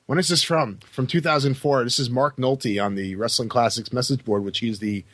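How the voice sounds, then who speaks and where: A man's voice: mid-range voice, fairly even intonation, a little fast, a bit bright, no room sound. A man co-hosting a podcast, making sarcastic, joking asides in casual chat. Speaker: podcast co-host.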